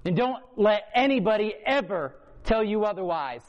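A man preaching a sermon testimony, impassioned, swinging from a low hush to loud emphasis. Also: lively intonation, moderate pace, hardly any pauses, lo-fi sound. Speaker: prison ministry preacher. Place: hotel or church meeting room before a congregation.

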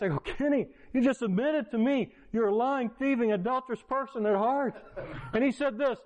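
A man, a pastor, preaching a sermon by retelling a personal story with quoted dialogue. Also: normal speed. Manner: animated retelling with quoted dialogue, pitch rising in excitement. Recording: lo-fi, dull sound.

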